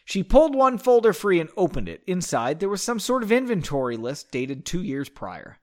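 High-pitched and very animated, this male podcast host speaks at normal speed while reading fan fiction out loud. He keeps interrupting himself with sarcastic jokes and swearing.

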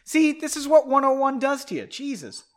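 A very high-pitched American man with big pitch swings reads from a book at normal speed while drinking whiskey. It's a casual read-aloud broken up by rambling, cursing commentary between passages.

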